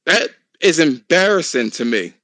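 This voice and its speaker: A man hosting a casual podcast chat, talking in an animated, profane, ranting way. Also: on the high side, a little slow, dry recording, rough recording.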